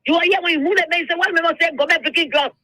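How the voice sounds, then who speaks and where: Very high, bright caller. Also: male voice, racing, a little hiss or hum, rough recording. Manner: animated, recounts and quotes others. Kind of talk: call-in radio comment.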